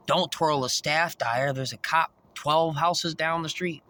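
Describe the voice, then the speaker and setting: A man's voice: fairly high pitch, normal speed, hardly any pauses, pushed and bright. A man ranting in a rambling monologue, swearing constantly and laughing often. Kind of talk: rambling profane rant.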